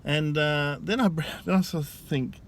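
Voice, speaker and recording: Aussie bloke rambling into his phone outside, keeps restarting sentences, bit of street noise behind. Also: fairly high pitch. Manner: rambling, halting, with frequent restarts. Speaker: vlogger. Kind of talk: casual storytelling vlog.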